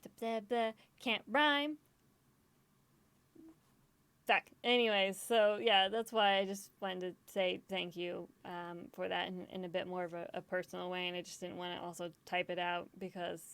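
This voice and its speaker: A woman's voice: lowish voice, little pitch movement, moderate pace, creaky, few pauses, fairly bright tone, clean tone, no echo. A woman gaming streamer in casual chat, rambling, swearing often and laughing easily, self-deprecating and emotional.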